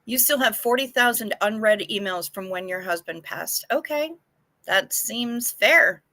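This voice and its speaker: A woman's voice: medium pitch, expressive, a little slow, bright, forceful tone. A woman hosting a casual live stream, chatting frankly with viewers and swearing now and then, sounding anxious.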